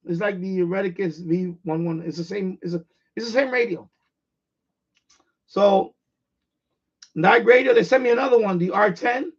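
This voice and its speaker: A man's voice: high voice, breathy edge. A man with a New York accent, chatting casually and bluntly on a live stream, rambling and repeating himself. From born in Puerto Rico, raised in the Bronx. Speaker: radio hobbyist live streamer. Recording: dull lo-fi stream audio.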